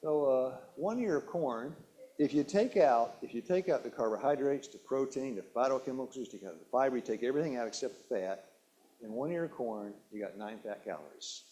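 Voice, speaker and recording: At a slightly fast pace, the presenter talks nutrition to a church hall audience in a dark, mid-range voice full of expression. He quizzes them, repeats key words, and often begins sentences again.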